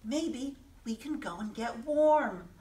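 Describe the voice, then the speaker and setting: A woman's voice: on the high side, animated, slow pace, mellow. A woman doing a patient, cheerful mouse. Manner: patient, reassuring. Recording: echoey room, voice from a distance.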